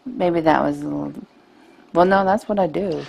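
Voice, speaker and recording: A woman in her thirties co-hosting a podcast, chatting casually and gushing with excitement about films she loves. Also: sits low, moderate pace, creaky. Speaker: podcast co-host. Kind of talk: casual chat.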